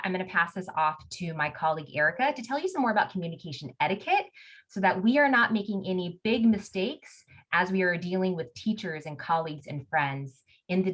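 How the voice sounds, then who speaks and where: A woman with a notably low-pitched voice leads an online webinar for high school students. She talks in a loose, conversational way, with fillers and frequent "right?" checks to keep the students with her. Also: a bit bright, low-quality recording. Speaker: webinar presenter.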